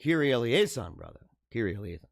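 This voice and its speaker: A man's voice: mid-range voice, fast, vocal fry, no room sound, studio quality. A man hosting a live show, chatting loosely, reading out viewer comments and laughing often, with lots of "dude" and "man". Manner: animated, laughing, slangy ("dude", "bro", "man"). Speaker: livestream show host.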